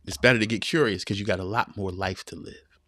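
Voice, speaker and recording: In a folksy, sermon-like motivational talk, a man hosting a podcast addresses his audience as "y'all" and repeats phrases to drive them home. His voice is fairly low, steady, brisk, and sharp in tone, recorded dry at studio quality.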